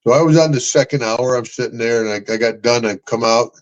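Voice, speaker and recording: A man's voice: mid-range voice, a little fast, highs cut off. Older man telling wrestling road stories. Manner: rambling, laughing, says "brother" and "man". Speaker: podcast host. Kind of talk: casual storytelling chat.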